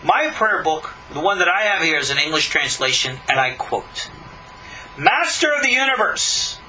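A man with a high, very bright, cutting voice gives a scripture lesson. He leans hard on rhetorical questions and long dramatic pauses. A faint hiss of room noise sits under him. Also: lively intonation, rough recording. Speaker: rabbi teaching Torah. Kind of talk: live-streamed Torah lesson.

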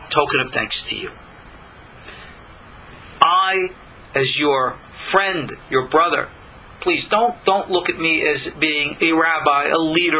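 An older man from Long Island, giving a slow, deliberate spiritual lecture with many pauses. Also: on the high side, sharp tone, a little hiss or hum, poor audio. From Long Island, New York. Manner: slow, deliberate, pausing between phrases. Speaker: spiritual teacher.

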